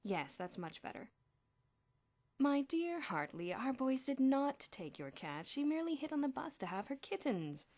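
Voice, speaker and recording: A woman's voice: a little high, sing-song, pitched above the performer's own voice. Woman playing a smug headmaster. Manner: genteel, smug, drawn-out. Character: pompous middle-aged male headmaster.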